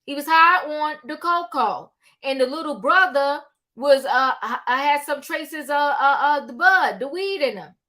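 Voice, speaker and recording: A woman hosting a casual live-stream talk show, animated and calling out to her viewers. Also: sits high. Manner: animated, calls out to viewers, drawn-out exclamations. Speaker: livestream host.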